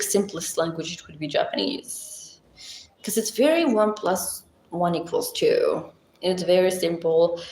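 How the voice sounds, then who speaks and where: A woman's voice: mid-range voice, a little mellow, slight background noise. A woman hosting a casual livestream, chatting with viewers and rambling through simple language explanations with plenty of fillers. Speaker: livestream host. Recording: echoey room.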